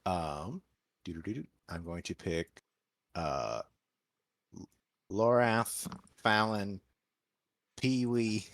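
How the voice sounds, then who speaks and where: A man's voice: on the low side, slow pace, pauses often, dry recording. A man playing a tabletop role-playing game, describing his character's turn and thinking aloud with hesitations. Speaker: player.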